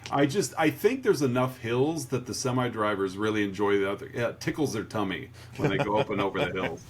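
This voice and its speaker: A man chats through a horror film on his podcast, his pitch swinging widely as he jokes. He drops into quick voices for the characters now and then. A faint hiss sits under the recording. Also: expressive. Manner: jokey, retells scenes with put-on character voices. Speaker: podcast co-host. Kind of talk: casual movie podcast chat.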